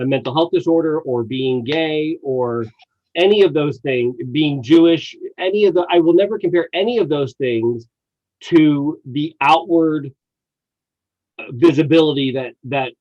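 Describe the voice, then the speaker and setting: A man hosting a casual podcast chat, animated and laughing often as he retells stories. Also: on the high side. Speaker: podcast host. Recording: dull lo-fi sound.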